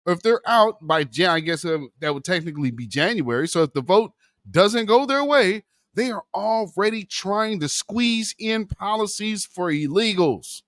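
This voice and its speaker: A man with a high, bright voice that leaps all over as he speaks. He sounds impassioned and preachy, talking straight to his audience as family. His recording is dry and close, with no room sound. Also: lively intonation, moderate pace, no room sound. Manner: impassioned, preachy, addresses viewers as family and brother. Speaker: commentary channel host. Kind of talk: political commentary vlog.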